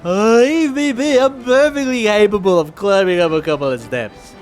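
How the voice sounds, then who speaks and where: A man voicing a drunken old gentleman in a video game, reading his lines slurred and haughty. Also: high voice, moderate pace, soft background music, pitched above the performer's own voice, natural voice. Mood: tipsy huffy.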